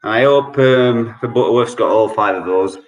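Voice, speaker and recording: Hosting a quiz night online from his home in lockdown, a man speaks at a moderate pace in a fairly low voice. He goes over every clue several times on the video call and explains the answers in a joking, chatty style.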